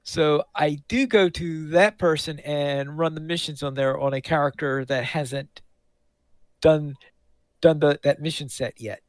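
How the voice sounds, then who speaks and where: A man chatting on a gaming podcast, his voice sitting a little high. He talks in a halting way and restarts his sentences often. The sound is dry and close. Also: dry recording. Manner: halting, repeats words while thinking. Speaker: podcast co-host. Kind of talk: casual chat.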